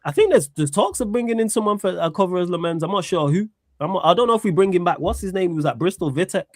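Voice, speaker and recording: A man's voice: high-pitched, expressive, fast talker, a little mellow, dry recording. A man, talking football casually as co-host of a podcast, chatty and rambling. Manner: chatty, rambling, often restarts.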